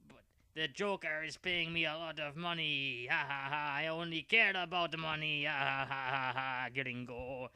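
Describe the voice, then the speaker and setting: A greedy cartoon villain who cackles between his gloating lines, as a man puts him on. The tone is bright and clear, with a strangely altered timbre. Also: on the high side, steady tone, normal speed, dry recording.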